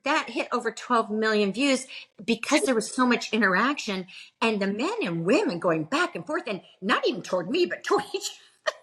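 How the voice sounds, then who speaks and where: A middle-aged woman, a pastor, chatting as a podcast guest and telling animated stories with frequent laughter. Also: fairly high pitch, moderate pace, breathy edge. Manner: animated storyteller, laughs often. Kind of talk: casual interview chat.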